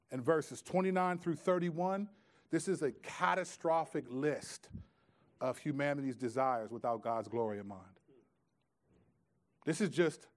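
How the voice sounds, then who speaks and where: A man preaching a sermon in a conversational way, swinging from loud, pressing emphasis to hushed, quiet asides. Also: medium pitch. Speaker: pastor.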